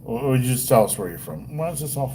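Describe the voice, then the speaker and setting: A man's voice: medium pitch, expressive, quick pace, noisy background. A man hosting a casual livestream, rambling and joking with crude language. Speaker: livestream host.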